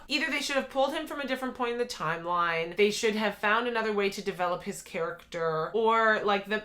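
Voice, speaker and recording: A young woman giving casual, animated commentary as a channel host, chatty and quick to laugh, often correcting herself mid-sentence. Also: medium pitch. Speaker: video essayist.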